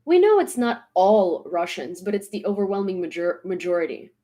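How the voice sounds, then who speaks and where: A woman's voice: medium pitch, big pitch swings, normal speed, mellow. Emphatic woman ranting on a vlog. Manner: emphatic, repeating points for stress; exasperated, blunt. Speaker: social media commentator. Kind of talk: casual vlog rant.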